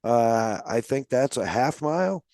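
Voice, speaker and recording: A man's voice: medium pitch, lively intonation, a little slow, creaky, darkish tone, dry recording, clean studio sound. A man hosting a casual podcast, rambling along with many fillers as he runs through plans and thanks sponsors. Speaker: podcast host.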